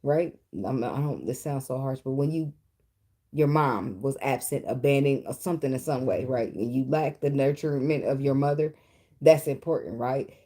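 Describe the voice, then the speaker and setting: Woman, very low-pitched, warm and mellow; blunt tarot reader, swears freely. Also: moderate pace. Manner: blunt, chatty, swears freely, talks to the cards. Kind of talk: casual tarot reading monologue.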